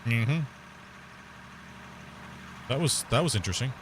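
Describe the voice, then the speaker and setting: A man's voice: medium pitch, lively intonation, measured pace, noisy background. A man chatting casually while streaming live gameplay, rambling, laughing often and swearing casually.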